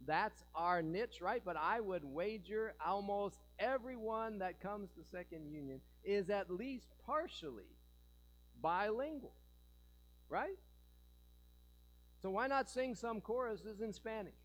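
High-voiced, lively joking preacher man. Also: takes it slowly, poor audio. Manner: animated, joking, asks the congregation rhetorical questions. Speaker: pastor. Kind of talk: sermon. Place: church.

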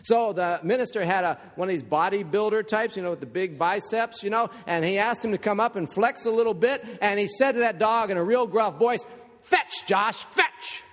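A man's voice: high-pitched, fairly quick, hardly any pauses. A man preaching a sermon, telling a story with rhetorical questions and humorous asides. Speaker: pastor. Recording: long reverb of a large hall.

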